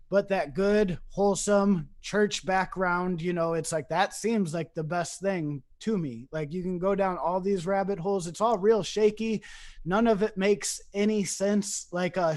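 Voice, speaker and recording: A man's voice: high-pitched, darkish tone. A man from East Saint Louis, a podcast guest in casual chat, telling long rambling stories and acting out the voices he quotes.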